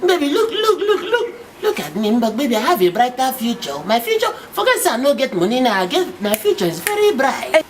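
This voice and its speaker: An actor with a Nigerian accent playing a broke young boyfriend, pleading and excitable in pidgin. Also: male voice, very high voice, fairly quick, a little hiss or hum, heavily acted.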